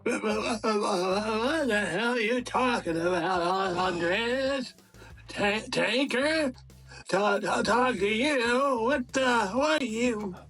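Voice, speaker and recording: A man with a high-pitched, bright, sharp voice who talks slowly and stammers over his words. He co-hosts a comedy show and throws mocking jabs at his partner in the studio. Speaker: co-host. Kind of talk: comic banter.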